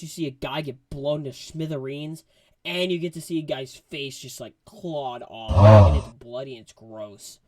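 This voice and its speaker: A young man giving a casual movie review, talking in slang and acting out quotes from scenes with excitement. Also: medium pitch, no echo.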